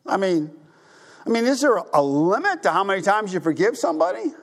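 A male pastor preaching a sermon, retelling a story with lively emphasis and acted-out dialogue. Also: high-pitched, fairly quick. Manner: animated, acts out characters' voices.

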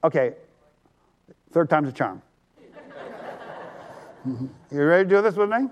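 A male pastor preaching a sermon, animated and drawing the congregation to answer back. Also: fairly high pitch, measured pace, highs cut off.

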